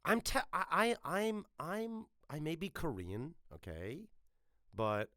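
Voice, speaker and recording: A man from the United States hosting a podcast interview, chatting in an animated, profane, jokey way with lots of restarts. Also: a little high, slow, no echo, studio quality. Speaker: podcast host. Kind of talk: casual interview chat.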